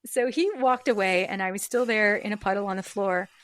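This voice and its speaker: A woman guest in an interview, telling a personal story reflectively, with frequent fillers and soft laughs. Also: medium pitch, a little fast, no echo, studio quality. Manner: reflective, acts out remembered dialogue. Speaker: podcast guest.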